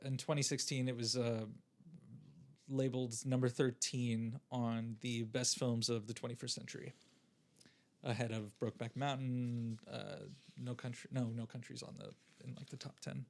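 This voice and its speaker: A man's voice: medium pitch, level tone, normal speed, vocal fry. A young man co-hosting a podcast in casual chat, rambling with lots of fillers and restarts. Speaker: podcast co-host.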